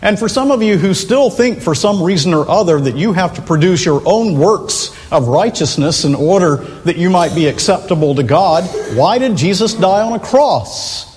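A man preaching a sermon, earnest and emphatic, slowing and lifting his voice to stress key phrases. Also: sits high, animated, a little mellow. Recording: long reverb of a large hall.

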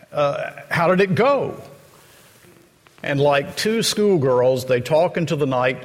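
A man preaching a sermon, retelling the story slowly and dramatically and acting out the quoted lines. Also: mid-range voice. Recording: long hall reverb.

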